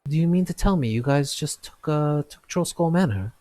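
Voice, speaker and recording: A man voicing a blue-skinned male genasi smith who is curious and excitable. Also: mid-range voice, a little slow, slightly rough, pitched above the performer's own voice. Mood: surprised.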